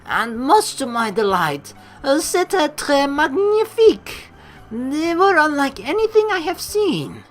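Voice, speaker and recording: A woman's voice: sits high, very animated, a little slow, faint music behind, pitched above the performer's own voice. A woman voicing a theatrical female ghost-class teacher with a put-on mock French accent, flowery and melodramatic. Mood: dreamy.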